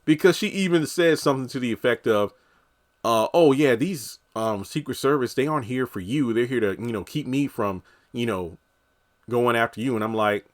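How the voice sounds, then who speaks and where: A man giving a casual, animated episode recap, acting out the characters' lines as he goes. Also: medium pitch, normal speed. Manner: animated, acts out quotes from characters. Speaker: TV episode reviewer.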